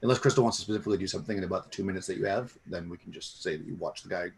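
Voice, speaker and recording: A man running a tabletop game, narrating the scene in a rambling way with lots of restarts. His voice sits low and has a gravelly edge. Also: very fast, a little hiss or hum. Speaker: game master.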